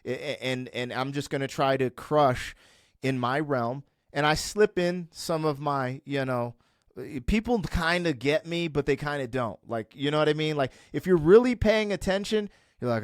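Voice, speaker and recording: A middle-aged man in candid conversation, his voice sitting a bit high for a man. He rants with emphasis and builds to fervent peaks. The sound is dry and close on the mic. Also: moderate pace, clean tone, no room sound. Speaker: podcast guest.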